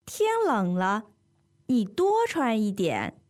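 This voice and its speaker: A woman voicing a parent who firmly insists that a child dress warmly, in a scripted language-lesson dialogue. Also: mid-range voice, huge pitch swings, slow pace. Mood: insistent. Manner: firm and insistent.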